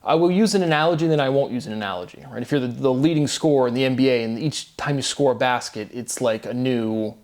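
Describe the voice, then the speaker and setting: A man's voice: medium pitch, quick pace, few pauses, a little mellow. Rambling man with frequent "right?". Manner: rambling, restarts sentences, frequent tag "right?"; grandiose, bursts of short laughter. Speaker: video creator. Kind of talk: unscripted monologue on math theory.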